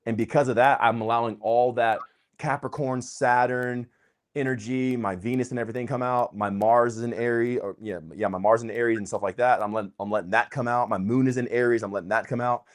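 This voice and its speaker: A man hosting a casual conversation, talking in an excitable, slangy way. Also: medium pitch, a little fast. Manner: excitable, slangy, uses "dude" and "bro". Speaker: host.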